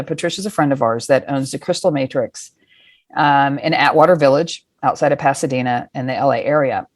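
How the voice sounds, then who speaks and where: A middle-aged woman telling a personal story in a casual, lively way, acting out the scenes and swearing freely. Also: low-pitched, fairly quick, dry recording, clean studio sound. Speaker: guest.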